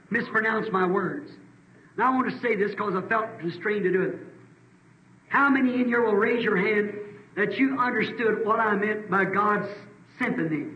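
A fervent middle-aged preacher with a Southern American accent, praying and pleading with a high, strained voice. He swells into loud, emphatic declarations. The sound is an old, dull, lo-fi tape, roomy and with a faint hiss. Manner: fervent, rising to loud exclamations; pleading prayer. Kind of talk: sermon prayer and altar call. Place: church meeting.

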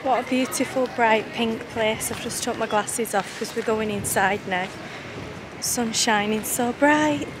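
A woman's voice: on the high side, a little slow, loud music behind the voice. A woman, chatting casually to camera as she walks around on a travel vlog. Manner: chatty, walking while filming. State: out of breath at times. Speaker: travel vlogger. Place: outdoors at a busy city mosque and gardens. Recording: outdoor city noise behind voice.

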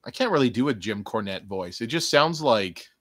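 Lively, joking male podcast host. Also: mid-range voice, moderate pace, no echo, studio quality. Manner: rambling, jokey, profane, with playful bursts. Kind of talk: casual wrestling review podcast.

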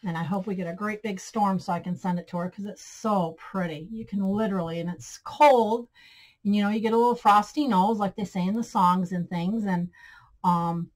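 A woman's voice: mid-range voice, moderate pace, rough recording. A woman hosting a DIY craft tutorial, chatting to viewers as friends and gushing over her projects. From Michigan, USA. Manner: chatty, keeps addressing viewers as guys and friends. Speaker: craft channel host.

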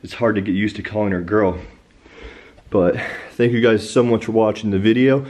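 A man chatting casually and upbeat to his viewers in a home vlog, switching to a high sing-song praise voice for his puppy. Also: fairly even intonation, normal speed, darkish tone. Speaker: vlogger.

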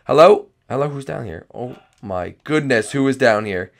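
This is an excitable male host of a game comedy role-play who exclaims constantly. His gravelly voice rises and falls widely. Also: mid-range voice, normal speed. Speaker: host and gamer.

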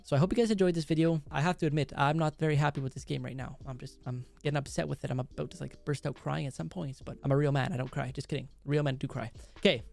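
A man doing gameplay commentary at home at night, speaking softly and excitedly pleading with the game as he plays. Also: a little high, gravelly. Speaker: let's play host.

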